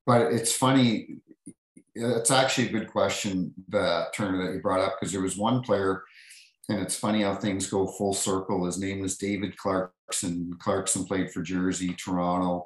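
Low-voiced middle-aged man telling stories. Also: normal speed, roomy sound, rough recording. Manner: animated anecdotes, acting out quotes, many restarts. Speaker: podcast guest, former hockey referee. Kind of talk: casual storytelling.

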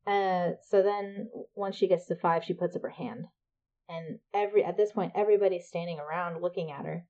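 Lower-voiced woman recapping a movie casually. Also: fairly even intonation, fairly quick, darkish tone, highs cut off. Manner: chatty, swears freely, laughs and jokes. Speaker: podcast co-host.

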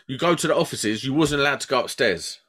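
A man in casual chat, expressive and exclamatory, laughing often. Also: mid-range voice, fast talker.

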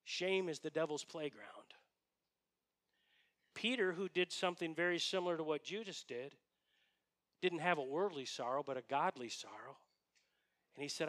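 A man delivers a sermon from the pulpit, speaking earnestly and pressing his points with rhetorical questions. His voice sits high for a man and has a bright, forceful edge. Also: normal speed, long pauses. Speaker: pastor.

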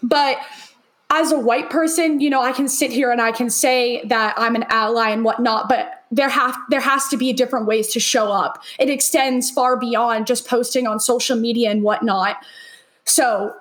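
A woman's voice: a little high, fairly even intonation, normal speed, fairly bright tone. A young woman co-hosting a podcast, talking earnestly and emotionally, with "like" threaded through nearly every sentence. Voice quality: earnest, heavy use of "like" as filler. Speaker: podcast co-host. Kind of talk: emotional personal podcast talk.

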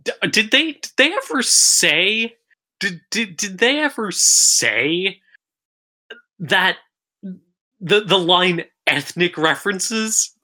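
A woman from the Philippines co-hosting a podcast, chatting casually with animated, sarcastic asides. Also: medium pitch, slow. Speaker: podcast co-host. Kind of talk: casual chat.

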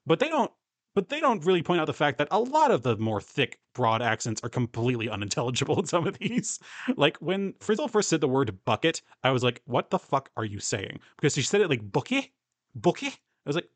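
A man's voice: a little high, big pitch swings, brisk, no echo. A young man from the US Southeast, co-hosting a podcast in casual chat, rambling and laughing often. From US East Coast and Southeast. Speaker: podcast co-host.

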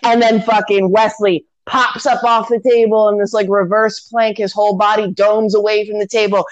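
A woman's voice: medium pitch, normal speed, dull audio. A woman casually retelling a film on a podcast, acting out the characters' lines and swearing freely. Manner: animated storytelling with acted-out quotes and swearing. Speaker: podcast host.

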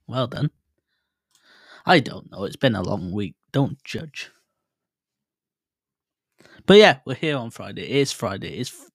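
A man's voice: mid-range voice, measured pace, long pauses, breathy edge, no room sound, clean studio sound. Rambling man in his thirties podcasting. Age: 30s. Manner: rambling, self-deprecating, bursts of loud excitement. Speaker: podcast host. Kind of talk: casual solo podcast chat. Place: home room, alone. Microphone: desk mic set to far mode, about a foot away.

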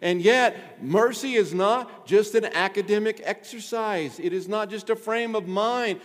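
A man's voice: high voice, normal speed. Man preaching emphatically in a reverberant hall. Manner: emphatic preaching, rhetorical questions to the congregation. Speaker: pastor. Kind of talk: sermon.

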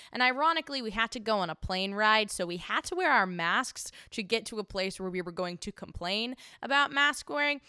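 A woman's voice: fairly high pitch, bright, forceful tone, smooth, no room sound, studio quality. A young woman delivering indignant, sarcastic political commentary with rhetorical questions. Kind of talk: opinionated commentary monologue.

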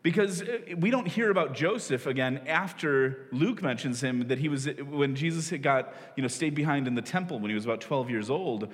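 A man's voice: mid-range voice, brisk, hardly any pauses. A man in his forties, a pastor preaching a sermon in a loose, conversational way, often laughing at himself. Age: 40s. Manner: conversational, self-deprecating, with frequent laughs and restarts. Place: church hall. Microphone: stage microphone. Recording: long reverb of a large hall.

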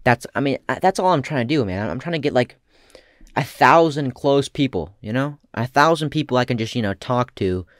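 A man giving casual comedic commentary as a vlogger, rambling and profane with deadpan asides. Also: mid-range voice, brisk, no room sound, clean studio sound.

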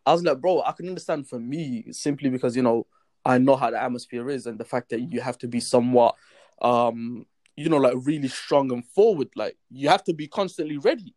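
A man from England telling a story in casual chat, animated and slipping into voices for quotes. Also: mid-range voice, brisk, dry recording.

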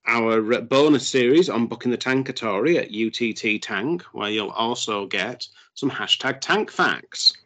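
A man's voice: medium pitch, animated, a little slow, few pauses, fairly bright tone. A man hosting a casual podcast, joking and plugging shows. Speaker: podcast host.

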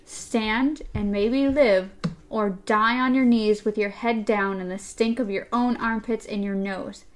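A woman's voice: fairly even intonation, measured pace, natural voice. Woman reading as a weak, whispering gunslinger. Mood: grim. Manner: low, hoarse whisper. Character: sick, weak gunslinger man, grim.

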